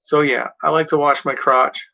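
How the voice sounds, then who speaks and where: A man rambles casually to his viewers, swearing often and cracking himself up. His voice sits a little high and sounds bright and forceful. The recording is dull and lo-fi. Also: level tone, normal speed, gravelly. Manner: rambling, profane, jokey. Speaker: vlogger. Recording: muffled lo-fi recording.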